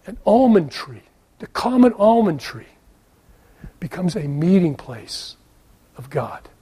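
A man preaching a storytelling sermon. His voice sits fairly high but sounds mellow and slightly husky. He drops to near-whispers, then rises into loud, emphatic questions. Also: big pitch swings, slow pace. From United States. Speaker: pastor.

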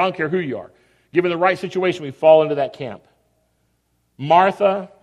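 A man with a fairly high voice delivering a sermon. He speaks casually and animatedly, often dropping into little acted-out scenes and asides. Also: in a large hall. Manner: animated, conversational, acts out scenes. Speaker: preacher.

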